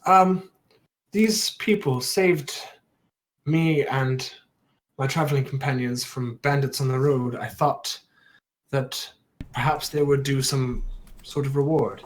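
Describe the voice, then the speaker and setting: A man's voice: mid-range voice, slow, pauses often, lightly acted. A man voicing an earnest young woman who is a merchant's apprentice, speaking hesitantly.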